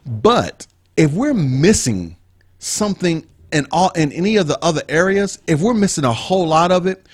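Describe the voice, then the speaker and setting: A man's voice: on the high side, sing-song, moderate pace, slightly rough. Man teaching in a preachy, repeating way. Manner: preachy, explains with repetition and asides. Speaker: podcast co-host. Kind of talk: casual teaching talk.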